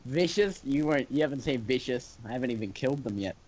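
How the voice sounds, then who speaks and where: A man playing a game on a livestream, joking and getting excitable as he chats. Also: mid-range voice, fast talker. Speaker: player on a gameplay stream. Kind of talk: casual chat on a livestream.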